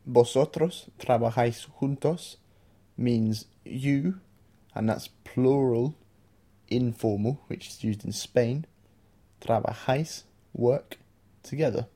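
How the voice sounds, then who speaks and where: A man teaching a podcast language lesson, explaining phrases slowly and clearly and repeating them. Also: mid-range voice, mellow.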